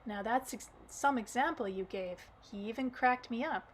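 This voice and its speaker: A boastful dark-haired man throws out loud, punchy claims, as a woman reads him in an audiobook. The voice sits a little high. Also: moderate pace, a little hiss or hum, lightly acted, poor audio. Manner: bragging, punchy outbursts.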